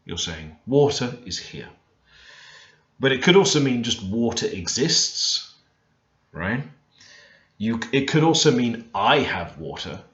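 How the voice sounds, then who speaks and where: A man teaching beginner vocabulary in a relaxed, thinking-aloud way, often stopping to correct himself. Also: mid-range voice, slow pace, pauses often. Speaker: language learner teaching Korean. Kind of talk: screen-recorded language lesson. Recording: roomy, dull lo-fi screen recording.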